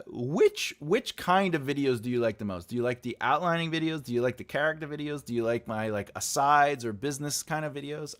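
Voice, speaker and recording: Animated rambling male live-stream host. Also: a little high. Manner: rambling, animated, laughs often, acts out quotes. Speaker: writing teacher and show host. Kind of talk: live-stream chat with viewers.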